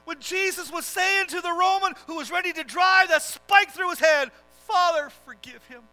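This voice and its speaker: A preacher with a strikingly high, bright voice tells a dramatic sermon story. He drives it with impassioned, swelling emphasis, and soft music plays faintly underneath. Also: moderate pace, poor audio.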